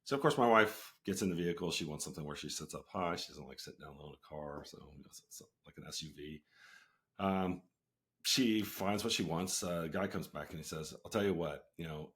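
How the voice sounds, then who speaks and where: A middle-aged man hosting his own show, telling a story in a relaxed way with lots of fillers and asides. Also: low-pitched. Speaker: host, company founder. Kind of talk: casual storytelling talk.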